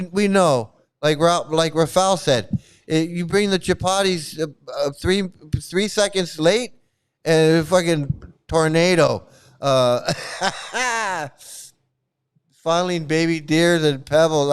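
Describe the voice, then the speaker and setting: Scornful and profane, a male streamer laughs frequently while ridiculing a cult in a relaxed reaction stream. He has a slightly high, very smooth voice.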